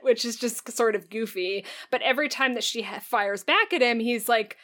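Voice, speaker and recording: A woman co-hosting a podcast, talking casually about a book with relaxed, wry asides. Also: on the high side, moderate pace, hardly any pauses. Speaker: podcast co-host.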